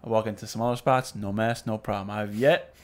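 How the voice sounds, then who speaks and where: A man co-hosting a casual podcast, dropping quick jokes and laid-back comments. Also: on the low side, steady tone. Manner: joking, quick quips. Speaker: podcast co-host. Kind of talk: casual chat.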